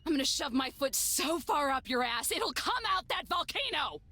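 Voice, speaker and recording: A woman voicing a brash, foul-mouthed, hot-tempered young woman who yells crude threats in a game read-through. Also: high-pitched, sing-song, normal speed, slight background noise, voice pushed up, exaggerated voice. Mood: angry. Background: background music.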